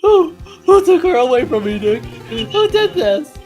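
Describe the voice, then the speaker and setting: A woman's voice: fairly high pitch, huge pitch swings, takes it slowly, faint music behind, pitched above the performer's own voice, full character voice. A woman voicing a frantic, despairing young man who wails and sobs melodramatically over his fate. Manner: wailing, sobbing, melodramatic.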